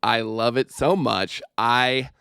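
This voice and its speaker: A man's voice: mid-range voice, gravelly, sharp tone, clean tone, no room sound, clean studio sound. A man in his thirties, a stand-up comedian guesting on a podcast over a remote call, joking and swearing casually. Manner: jokey, sweary, quick asides. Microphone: remote call microphone.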